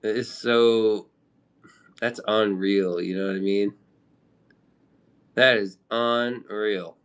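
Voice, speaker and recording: A man's voice: lowish voice, fairly even intonation, slow pace, clear, resonant tone. A man from the Midwest chatting casually on a live stream, rambling with loose slang and casual swearing. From American Midwest.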